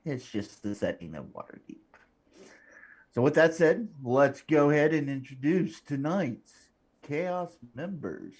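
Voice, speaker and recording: A man's voice: a little high, lively intonation, unhurried, a little mellow. A man acting as game master, welcoming viewers and introducing the players on a tabletop game stream in a laid-back way.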